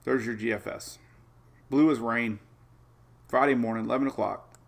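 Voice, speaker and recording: On a casual live weather broadcast, the male host talks in a meandering way, tossing in excitable asides as he checks the maps. His voice is medium-pitched with vocal fry, at a normal speed.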